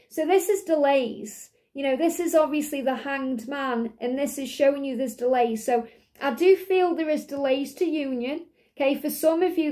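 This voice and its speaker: A woman giving a gentle, reassuring tarot reading to viewers, speaking in spiritual terms. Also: high-pitched. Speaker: tarot reader.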